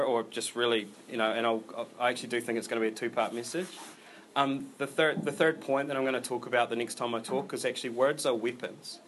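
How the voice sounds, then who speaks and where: A man's voice: medium pitch, brisk, fairly bright tone, a little hiss or hum. Casual, rambling man preaching a sermon. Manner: informal, rambling delivery with many fillers and restarts. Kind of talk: conversational sermon.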